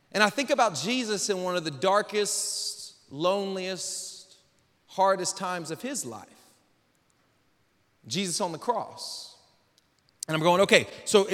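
A pastor preaching a sermon in a church, swinging between loud, urgent passages and quiet, low reflection. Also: male voice. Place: large church hall. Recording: long hall reverb.

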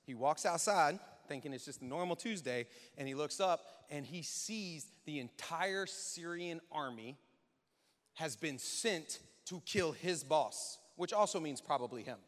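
A man preaching a sermon in a church, animated and conversational, acting out quotes. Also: fairly high pitch, a little slow. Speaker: pastor. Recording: long church hall reverb.

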